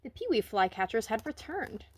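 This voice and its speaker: A woman reading a children's picture book aloud, with gentle, expressive storytelling. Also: a little high, normal speed, breathy edge. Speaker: reader.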